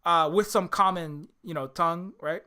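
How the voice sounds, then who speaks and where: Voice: mid-range voice, moderate pace, sharp tone. Heated, profane political commentary host. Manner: impassioned, swears often, many restarts, keeps asking "right?". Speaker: channel host.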